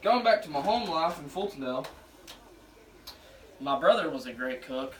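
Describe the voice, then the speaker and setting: A young man in his twenties from Alabama rambling and joking in slang while he cooks, pitching himself for a cooking show. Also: expressive, normal speed. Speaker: show applicant. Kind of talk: casual audition vlog while cooking. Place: home kitchen. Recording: echoey kitchen, voice from far off, faint noise.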